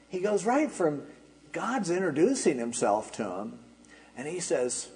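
A man's voice: mid-range voice, big pitch swings, unhurried, darkish tone, rough recording. A man pastor preaching an expository sermon, explaining in a conversational way with wry asides.

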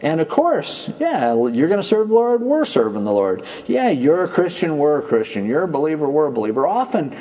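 A man preaching a sermon in a conversational, animated storytelling manner. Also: a little high, brisk, hardly any pauses. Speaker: pastor.

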